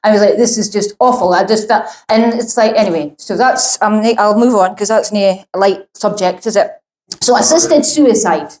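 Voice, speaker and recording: A woman's voice: medium pitch, moderate pace, darkish tone, slight background noise. A woman doing a stand-up set, talking bluntly and rambling with heavy swearing, at a live comedy venue. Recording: roomy echo.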